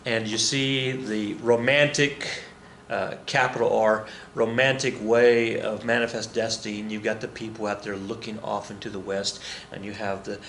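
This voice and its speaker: A man's voice: lowish voice, flat delivery, moderate pace, a bit bright, roomy sound, a little hiss or hum. A male history teacher giving a casual, joking classroom lecture, often correcting himself as he talks to his students.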